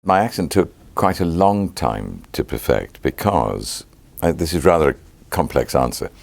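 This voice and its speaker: A British actor in his sixties answering interview questions in a measured, reflective way, pausing with ums and restarting phrases. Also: very deep voice, very animated, creaky, no echo. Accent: British English. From Britain.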